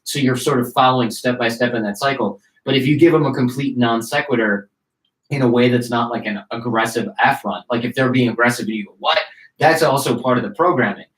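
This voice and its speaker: A man's voice: medium pitch, fast. A man from Detroit and a podcast host, telling a story casually and acting out the voices of the people he quotes. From United States (Detroit). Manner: animated, acts out quoted voices, many "like" fillers. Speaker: podcast host, guest on a show. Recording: roomy echo.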